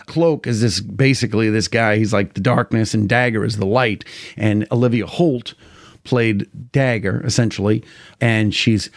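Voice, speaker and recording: A man's voice: mid-range voice, no room sound, clean studio sound. A man, hosting a livestream in loose, crude, jokey rambling. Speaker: livestream host. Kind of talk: casual chat.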